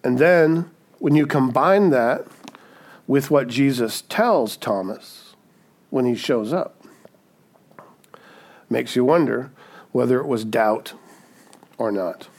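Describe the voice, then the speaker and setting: A man's voice: mid-range voice, slow pace, long pauses, darkish tone. A male pastor delivers a sermon in a friendly, conversational style, with a voice sitting in an ordinary middle range. He keeps checking in with his listeners and slips in light humor as he explains his point. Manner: conversational, often checks in with "right?"; humorous asides.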